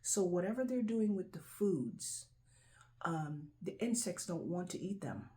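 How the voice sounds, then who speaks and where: Woman host, casual and repetitive to camera; lowish, warm voice. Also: lively intonation, a little slow. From Jamaica. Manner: chatty, repetitive, keeps asking "right?". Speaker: video host. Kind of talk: casual show-and-tell talk to camera.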